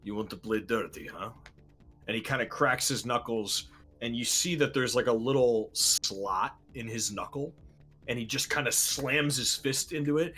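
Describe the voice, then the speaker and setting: A man playing in a tabletop game, playful and quick to laugh, often repeating words as he thinks. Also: medium pitch, bright, forceful tone, faint music behind. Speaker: player. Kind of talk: casual tabletop play.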